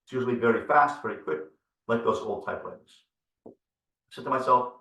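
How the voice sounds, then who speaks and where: A man's voice: mid-range voice, fairly quick, pauses often, pushed and bright. A man, a rabbi, giving an earnest storytelling lecture on parenting, piling up repeated phrases for emphasis. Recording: roomy, from far off the mic.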